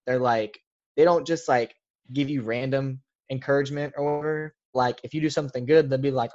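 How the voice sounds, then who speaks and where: A man's voice: medium pitch, fairly even intonation, fairly quick, darkish tone, muffled recording. A young man, a podcast guest, telling a casual story in a rambling way, full of filler words. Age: young adult.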